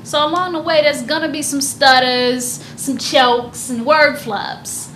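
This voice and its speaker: A woman hosting a highlights show, presenting the picks in an upbeat, lively way. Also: measured pace, roomy sound, slight background noise. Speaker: host.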